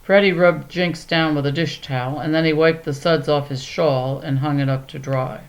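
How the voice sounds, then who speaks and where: A woman narrating a children's storybook in a calm, measured way. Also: sits low, low-quality recording. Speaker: audiobook narrator.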